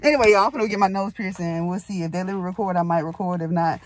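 A young woman in a casual vlog to camera, slangy and animated, calling her viewers y'all and jumping to high squeals when nervous, recorded on a phone. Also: normal speed, noisy background. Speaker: vlogger.

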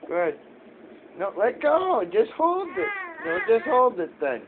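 A man's voice: extremely high pitch, huge pitch swings, slow. A father talking to his toddler at home in a playful, coaxing way during a home video. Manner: coaxing, playful baby talk. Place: family home, indoors. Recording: tinny phone-like audio, noisy.

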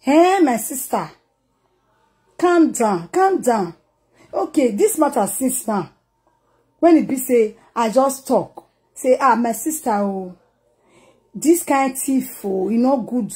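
A woman's voice: on the high side, dark tone. A Nigerian woman vlogger and singer, teasing and scolding someone directly to camera in a casual way. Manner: teasing, scolding, mixes pidgin and mock sympathy.

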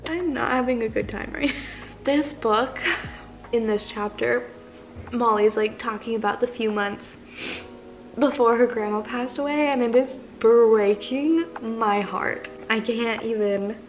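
A woman's voice: fairly high pitch, unhurried, faint music behind. A young woman in her twenties chatting casually in a reading vlog, emotional and laughing often. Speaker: book vlogger.

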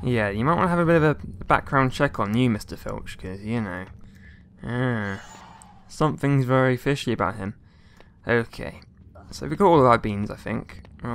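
A man talking through a video game in a loose, rambling way, tossing out jokey complaints and mock outrage as he plays. His voice sits at an everyday middle pitch. A faint hiss of noise runs under it. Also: lively intonation, normal speed, vocal fry. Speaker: let's play gamer. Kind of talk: casual gameplay commentary.

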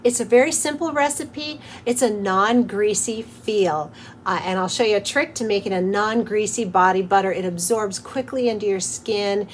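A woman's voice: mid-range voice, moderate pace, a little hiss or hum. Cheerful chatty woman teaching a craft. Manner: cheerful and chatty, with soft laughs. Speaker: host of a soap-making channel. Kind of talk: craft tutorial, talking through steps.

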